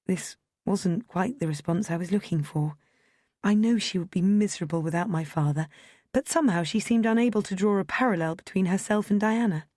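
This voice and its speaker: A woman narrating a first-person audiobook in a measured, gently expressive storytelling manner, recorded on a close studio mic. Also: mid-range voice, no room sound.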